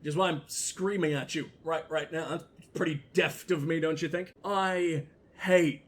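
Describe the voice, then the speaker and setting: This gaming commentator's voice sits on the high side, with a steady tone, moderate pace and little pausing. His comedic play-by-play is crude and mocking, thick with swearing and retorts aimed at the characters.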